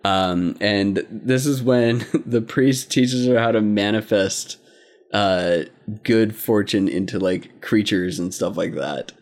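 A man's voice: lowish voice, slow pace. A man co-hosting a casual podcast, recapping anime episodes, laughing often and rambling with restarts. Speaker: podcast co-host.

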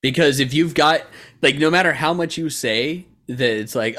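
A man's voice: medium pitch, normal speed, fairly bright tone. A man in casual podcast chat, profane and laughing often. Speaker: podcast co-host.

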